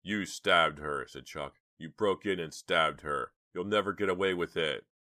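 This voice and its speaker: A man's voice: low voice, a little slow, bright, forceful tone. A man voicing a brave teenage boy in an audiobook, speaking with urgent, firm, raised lines. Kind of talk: audiobook reading.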